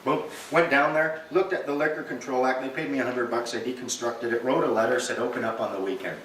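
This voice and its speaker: A man giving a lecture to a live audience, animated and joking, acting out little dialogues as he goes. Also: mid-range voice, a little fast, a little hiss or hum. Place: meeting room with an audience. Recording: echoey room, recorded from far off.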